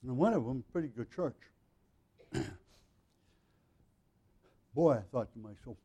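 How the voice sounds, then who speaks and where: A male pastor giving an earnest, conversational sermon, often clearing his throat. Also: mid-range voice, very animated, normal speed, long pauses, mellow, lo-fi sound. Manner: frequent throat clearing, earnest and plain-spoken.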